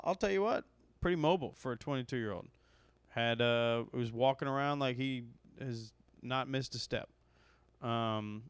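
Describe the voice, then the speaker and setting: In a dry recording, a medium-pitched man, a comedian on his own podcast, delivers a casual storytelling monologue. The tale is rambling and profane, and he grows increasingly worked up while telling it.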